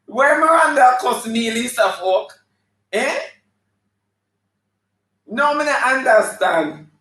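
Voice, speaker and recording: A high-pitched Jamaican man riffs through live comedy banter, sassy and flamboyant, scolding his audience like a preacher. His voice rings around an echoey room. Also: animated, slow, bright, forceful tone. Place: live show venue.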